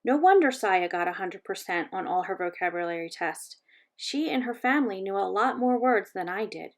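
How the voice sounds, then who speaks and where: A woman reading a children's chapter book aloud in a gentle, measured storytelling voice. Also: mid-range voice, expressive. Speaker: reader.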